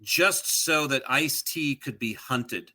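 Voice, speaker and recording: A middle-aged man co-hosting a podcast in casual chat, digressive and animated, drifting into joke voices. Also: mid-range voice, takes it slowly. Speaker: podcast co-host.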